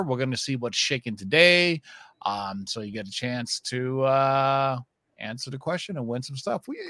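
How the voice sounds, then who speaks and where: A man's voice: mid-range voice, fairly bright tone, no echo. A man co-hosting a live stream, chatting loosely and joking between sponsor reads. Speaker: co-host. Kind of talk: casual live-stream chat.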